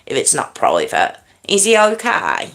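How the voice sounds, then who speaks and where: A woman's voice: on the low side, huge pitch swings, unhurried, gravelly, a bit bright. A woman hosting a casual livestream, chatting with viewers and apologising often, sometimes dropping to a whisper. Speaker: livestream host. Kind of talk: casual live chat with viewers.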